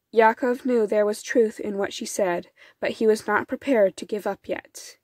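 A woman's voice: medium pitch, fairly even intonation, moderate pace, hardly any pauses, a little mellow, no room sound. Woman reading a storybook, close and dry. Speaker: storybook reader. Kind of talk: children's storybook narration.

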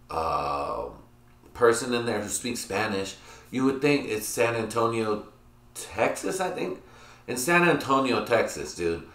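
Male podcast host, lowish bright voice, rambling and profane, roomy echo. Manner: rambling, swears a lot, laughs at his own jokes. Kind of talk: casual profane chat.

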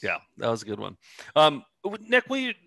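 A man's voice: on the high side, wildly swooping pitch, normal speed, vocal fry, sharp tone, no echo. A man co-hosting a casual comedy chat, teasing his co-hosts in playful banter. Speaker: co-host.

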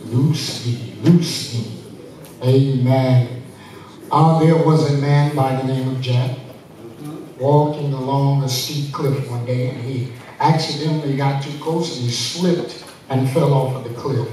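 A man's voice: medium pitch, fairly even intonation, unhurried, warm tone, slight background noise. A male pastor preaching a sermon, leading the congregation in call-and-response and telling a story. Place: church sanctuary. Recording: echoey church from far off.

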